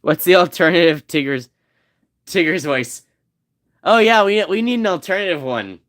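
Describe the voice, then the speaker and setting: A man's voice: sits high, lively intonation, normal speed, a bit bright. A man streaming a game, chatting casually and joking with his viewers in a rambling way. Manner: rambling, joking, talks to chat. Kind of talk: casual gameplay chat.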